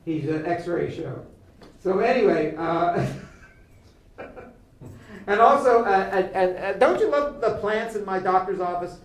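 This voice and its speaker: A man doing a rambling comic bit as a doctor, halting and full of stops and restarts. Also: high voice, animated. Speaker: guest playing a doctor. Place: small studio. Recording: echoey room from far off, music behind.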